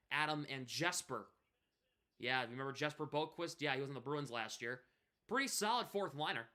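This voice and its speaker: Bright-voiced young hockey play-by-play streamer. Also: male voice, on the high side. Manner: excited play-by-play, chatting with chat between plays. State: coughing, choking on saliva. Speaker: livestream hockey commentator. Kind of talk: live play-by-play commentary.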